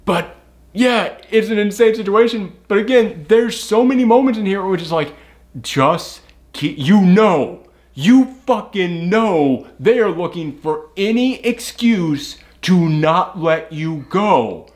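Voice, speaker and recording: Guy w/ a slightly higher voice ranting about a movie, cusses a lot, does little voices for the characters. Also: lively intonation, takes it slowly. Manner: swears freely, acts out characters' lines in quoted voices; rambling, frequent "like" and restarts. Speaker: movie reviewer. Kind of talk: casual movie review chat.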